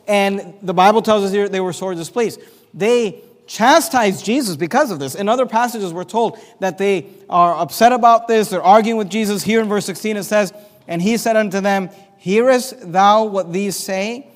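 A preacher giving an expository Bible sermon, reading scripture aloud and explaining it verse by verse. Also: male voice, high-pitched, normal speed. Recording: long hall reverb.

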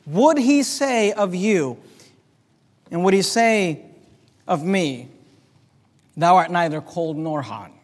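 A man preaching a Sunday night sermon, building with passion and rising to near-shouts as he quotes scripture. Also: high voice, in a large hall.

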